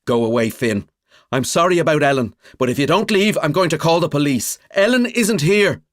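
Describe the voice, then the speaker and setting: Guy reading a scared husband guarding his sick wife, tense and pleading, voice pushed up higher, lively. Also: moderate pace, dry recording, clean studio sound, lightly acted. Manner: pleading then soothing, tense. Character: frightened, defensive middle-aged man guarding his sick wife.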